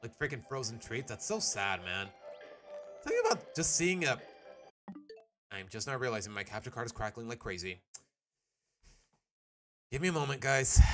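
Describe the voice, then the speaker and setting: A man's voice: medium pitch, brisk, pauses often, sharp tone, soft background music. A young man chatting casually while live-streaming a game, joking and reading game dialogue aloud.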